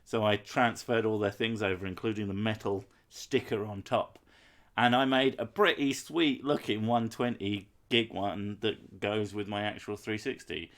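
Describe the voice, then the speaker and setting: A man with a lowish voice talks in a loose, rambling live-stream chat. He swears freely and keeps making wry jokes about himself. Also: steady tone, moderate pace, fairly bright tone. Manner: rambling, sweary, self-mocking humour. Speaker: game streamer.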